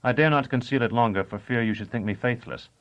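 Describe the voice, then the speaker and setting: An earnest young executioner, eager and deferential, as a man voices him in this storybook reading, raised noticeably in pitch. The recording is dull and lo-fi. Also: fast, clean tone, natural voice.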